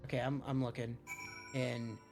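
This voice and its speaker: A rambling, foul-mouthed game streamer talks casually through a live session, tripping over words and cutting themself off. Their pitch sits in an ordinary middle range. Faint music plays underneath. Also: little pitch movement, normal speed, a little mellow. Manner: profane, rambling, self-interrupting.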